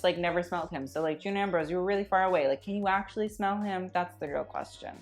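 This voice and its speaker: A woman giving sarcastic, profane, gossipy commentary on a red carpet, with faint music behind her. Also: mid-range voice. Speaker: fashion commentator. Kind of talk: casual commentary.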